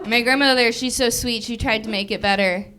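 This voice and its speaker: A woman's voice: on the high side, fairly even intonation, fairly quick, sharp tone. A young woman in her twenties performing a chatty, self-deprecating stand-up set on a theater stage. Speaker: stand-up comedian. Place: movie theater stage before a live audience.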